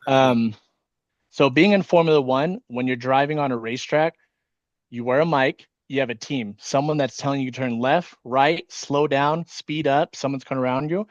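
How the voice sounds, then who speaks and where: A man who leads an insurance sales team talks casually on a video call, fast and nervous from caffeine, swearing often. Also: mid-range voice, no echo, lo-fi sound. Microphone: video call microphone.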